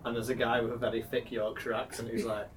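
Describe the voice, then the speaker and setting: A man's voice: mid-range voice, level tone, fast, distant mic. A man playing in a casual tabletop game, playful and jokey. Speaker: player.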